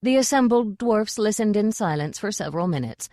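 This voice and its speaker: A woman reading an audiobook in a measured storytelling manner. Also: medium pitch, animated, mellow, dry recording, studio quality. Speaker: audiobook narrator. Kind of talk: scripted audiobook narration.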